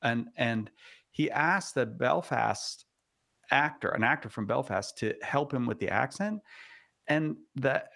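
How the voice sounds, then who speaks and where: A man hosting a radio talk show, chatting in a relaxed, joking way with plenty of filler words. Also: medium pitch, measured pace, creaky.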